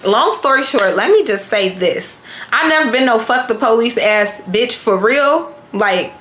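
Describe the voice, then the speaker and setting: A young woman vlogger telling a story in a casual, animated way, full of slang and swearing. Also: fairly high pitch, unhurried. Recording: echoey room.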